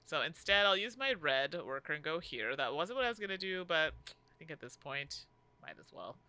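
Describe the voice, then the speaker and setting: A woman's voice: deep voice, moderate pace, smooth. A woman co-hosting a casual board game playthrough, groaning and joking at herself as her turn goes badly. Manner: animated, groaning and self-deprecating.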